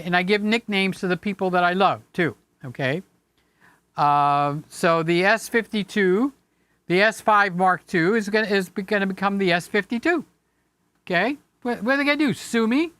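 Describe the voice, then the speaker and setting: A man's voice: sits high, a bit bright, smooth, no echo. Chatty, affectionate man on a dry mic. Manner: rambling, affectionate, jokey. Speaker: live-stream host. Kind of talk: casual live-stream chat. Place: home studio room with a green screen.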